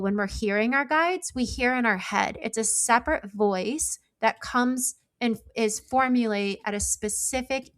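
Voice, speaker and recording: A woman's voice: fairly high pitch, fairly bright tone. A middle-aged woman, a psychic guest on an interview show, explaining in an earnest, conversational way with frequent fillers. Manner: explanatory, earnest, uses many likes.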